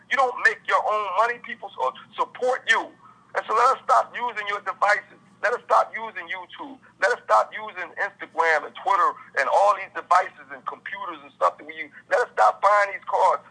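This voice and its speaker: Raspy, bright-voiced man on a phone line. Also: high voice. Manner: impassioned, acts out friends' dialogue in casual slang. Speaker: author being interviewed. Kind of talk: animated interview talk.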